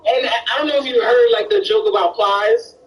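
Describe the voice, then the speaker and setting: A man's voice: extremely high pitch, big pitch swings, fairly quick, distant mic, highs cut off. A man from Miami with a Miami accent, chatting casually and hesitantly, with frequent restarts and fillers. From Miami, Florida. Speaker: conversation partner. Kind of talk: casual chat.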